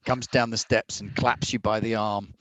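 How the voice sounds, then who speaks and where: A man's voice: fairly low pitch, level tone, normal speed, no room sound, rough recording. A middle-aged man running a tabletop role-play game, narrating scenes and voicing characters in a theatrical storytelling manner. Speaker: game master.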